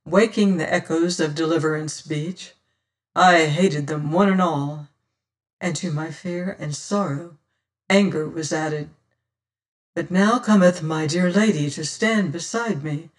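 An audiobook narrator reading a first-person period tale in measured, old-fashioned phrasing. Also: medium pitch.

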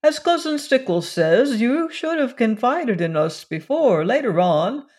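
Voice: medium pitch, sing-song, unhurried, darkish tone, voice pushed up. A narrator voicing a testy, sly older uncle who enjoys taking charge of the family. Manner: testy, self-satisfied.

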